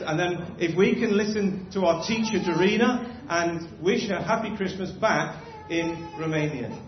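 A man's voice: sits high, a little slow, echoey room. A man leading a church prayer, then hosting a gathering with encouraging remarks. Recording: dull lo-fi with faint hiss.

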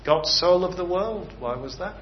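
A man's voice: sits high, lively intonation, moderate pace. An earnest male preacher delivers a sermon, swelling and dropping his voice for emphasis and asking his listeners questions. The recording sounds a little dull, with a faint hiss underneath. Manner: earnest, rising and falling emphasis with rhetorical questions. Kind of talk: sermon ending in prayer.

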